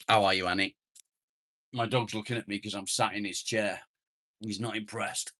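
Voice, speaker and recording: A man's voice: on the low side, fairly even intonation, moderate pace, pauses often, sharp tone, dry recording. A man hosting a casual live stream outdoors on a phone, chatting with viewers, humming and muttering to himself as he reads the chat. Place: outdoors, sitting in a chair near the house.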